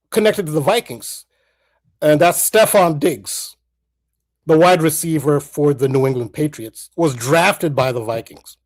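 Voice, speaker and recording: A man's voice: fairly high pitch, a little mellow. A man co-hosting a talk show, earnestly laying out a theory point by point with frequent restarts. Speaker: podcast co-host.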